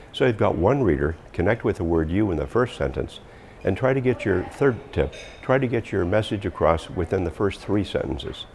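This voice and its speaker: Male communication coach, very low and gravelly, emphatic, firm downward endings, faint hiss behind. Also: darkish tone. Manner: emphatic, drops pitch firmly on endings. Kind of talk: instructional talk.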